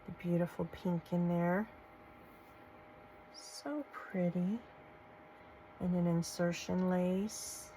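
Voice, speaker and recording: Woman crafting host, low and flat, gravelly, leisurely and gushing. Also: takes it slowly, long pauses, a little hiss or hum, rough recording. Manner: gushing, soft-spoken, folksy. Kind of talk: casual show-and-tell vlog.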